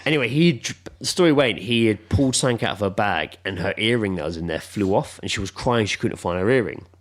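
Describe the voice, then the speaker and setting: A man co-hosting a podcast, telling a pub story in a sweary, animated way. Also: lowish voice, fast talker. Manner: animated and sweary, acting out voices. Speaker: podcast co-host. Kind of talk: casual storytelling chat.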